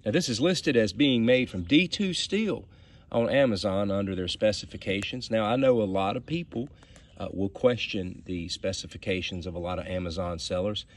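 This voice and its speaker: A man with a Southern US accent reviews a knife in a casual product review vlog, folksy and chatty, speaking straight to his viewers. His voice is lowish and he talks at a normal speed.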